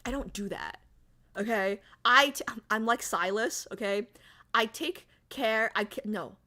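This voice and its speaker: A woman's voice: a little high, unhurried, bright, forceful tone. A woman streamer in casual livestream chat, chatty and giggly, reading viewer comments aloud.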